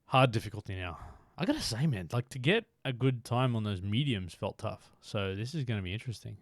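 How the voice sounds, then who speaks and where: A man's voice: on the low side, big pitch swings, brisk, no echo, clean studio sound. A man streaming a video game live, chatting casually and thinking aloud with fillers, from Australia.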